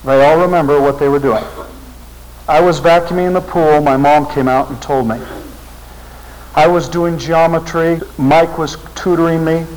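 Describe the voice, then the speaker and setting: A middle-aged man tells a personal story to a church audience. His voice sits a little high and rises with emotion, with an earnest, heartfelt delivery. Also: fairly even intonation, moderate pace, darkish tone, rough recording. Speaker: seminary teacher and speaker. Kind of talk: storytelling talk to a religious audience.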